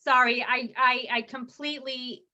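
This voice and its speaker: A woman's voice: high-pitched, little pitch movement, normal speed, sharp tone, highs cut off. A woman hosting a casual interview, friendly and encouraging as she chats with her guest. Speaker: host.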